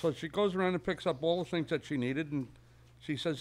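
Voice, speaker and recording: A man's voice: fairly high pitch, fairly quick, a little mellow. A man telling a joke among friends, setting it up step by step. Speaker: podcast guest.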